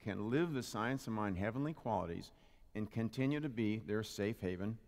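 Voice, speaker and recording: Into a handheld or stand microphone, a spiritual practitioner offers a jokey, playful Father's Day sermon that pulls the live audience in. His low, darkish voice has lively intonation at normal speed, and the hall's reverb is long.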